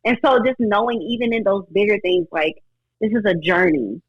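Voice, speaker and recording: A woman's voice: medium pitch, normal speed, husky, dry recording. A woman guest on a faith-based talk show, speaking earnestly and reflectively, often voicing her own thoughts aloud. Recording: dull lo-fi audio.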